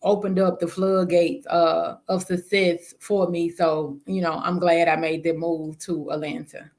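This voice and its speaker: A woman's voice: on the low side, level tone, unhurried, darkish tone. Southern woman telling her story frankly. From Memphis, Tennessee. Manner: frank, casual, with many "um"s. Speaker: guest, spa business owner. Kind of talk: interview storytelling.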